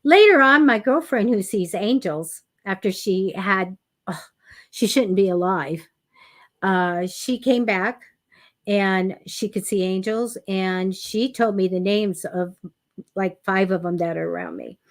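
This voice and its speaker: A woman's voice: medium pitch, unhurried. A woman hosting a casual psychic reading stream, chatting her way through personal stories. She talks in a loose, rambling style full of ums and restarts. She mixes in direct, encouraging advice. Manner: chatty and anecdotal, with many fillers. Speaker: psychic reader and host. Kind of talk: casual livestream chat.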